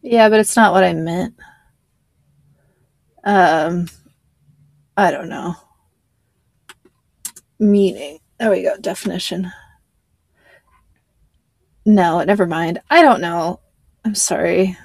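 A woman's voice: fairly low pitch, slow pace, gravelly, long pauses, dry recording. A woman hosting a podcast, chatting casually in a rambling, self-deprecating way. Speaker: podcast host. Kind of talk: casual chat.

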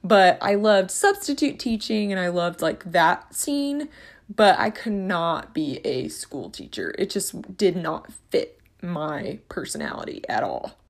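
A woman's voice: lowish voice, big pitch swings, measured pace. A woman hosting a casual faith-and-money monologue, talking in an earnest, rambling, passionate way.

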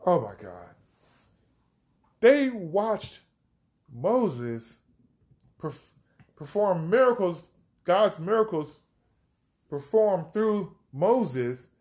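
Slow, emphatic man teaching scripture. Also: high voice, sing-song, darkish tone. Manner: emphatic and reflective, reading scripture aloud and commenting. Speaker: podcast host and Bible teacher. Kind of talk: conversational Bible teaching.

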